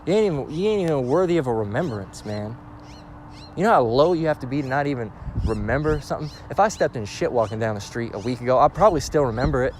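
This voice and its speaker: Male preacher-teacher, mid-pitched, punchy and profane, keeps asking "all right?", over clear street and traffic noise. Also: expressive, fast, darkish tone. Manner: emphatic, repeats "all right?", blunt and profane. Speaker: religious teacher. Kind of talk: informal scripture lesson.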